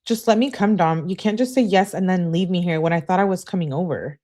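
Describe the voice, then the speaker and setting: A woman's voice: fairly low pitch, a little fast, warm tone, natural voice. A woman reading the messages of an insistent, impatient young woman, raising her voice a little. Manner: insistent, pleading.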